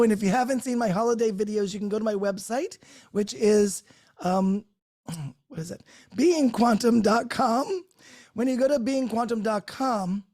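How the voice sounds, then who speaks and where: A woman's voice: fairly high pitch, warm tone. Chatty, laughing woman hosting a group call. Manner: chatty and effusive, laughs often, restarts words. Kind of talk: casual unscripted chat to a live group. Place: her own home, great room by a Christmas tree.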